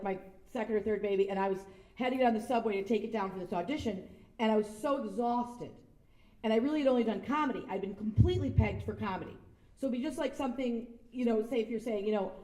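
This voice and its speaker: Speaking far from the mic in an echoey sound stage event space, a woman with a slightly high, somewhat mellow voice addresses an event as guest speaker. Her talk is casual, chatty and self-deprecating, and she performs the quotes in her stories.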